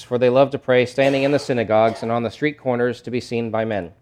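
A male pastor preaching a sermon, animated and conversational, acting out scenes from scripture. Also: mid-range voice, fairly quick, few pauses. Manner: animated, acts out disciples' voices.

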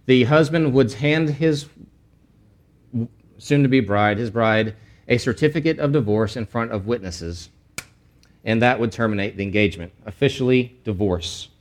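A man's voice: mid-range voice, normal speed. Conversational male Bible teacher. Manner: casual and explanatory, with frequent restarts and asides.

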